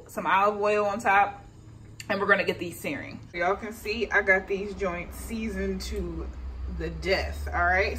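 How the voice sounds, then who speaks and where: A woman's voice: medium pitch, fairly bright tone, slight background noise, poor audio. Chatty young woman cooking at home. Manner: chatty, slangy, talks straight to viewers. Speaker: vlogger and athlete. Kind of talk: casual cooking vlog narration. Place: home kitchen. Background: faint frying and sizzling.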